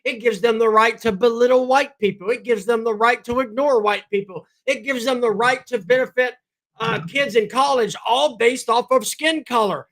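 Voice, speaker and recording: A man's voice: very high voice, normal speed, a bit bright. A man hosting a political commentary podcast, ranting emphatically. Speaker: podcast host.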